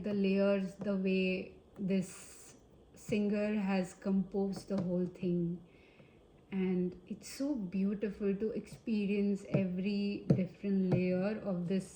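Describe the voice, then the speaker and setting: Indian-accented woman tarot reader, slow and hesitant, mellow tone, roomy recording. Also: medium pitch, slight background noise. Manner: hesitant, searching for words with many fillers. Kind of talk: casual tarot reading to camera. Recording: roomy echo.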